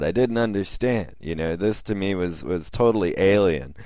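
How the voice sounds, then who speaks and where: A man's voice: low-pitched, moderate pace, a little mellow, dry recording, clean studio sound. A man telling a personal story in a casual, rambling way with fillers and chuckles.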